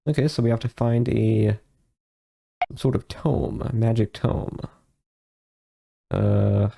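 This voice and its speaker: A man's voice: lowish voice, fairly even intonation, slow pace, creaky, pauses often, mellow, slightly rough. A man giving casual, rambling commentary while playing a game, with frequent hesitations and restarts. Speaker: let's play host.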